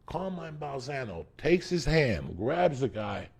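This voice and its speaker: Middle-aged man, gravelly and husky, lively profane storyteller. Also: medium pitch, a little slow. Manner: profane, acts out quotes with shifting loud voices. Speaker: storytelling podcast guest. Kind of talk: animated comedic storytelling.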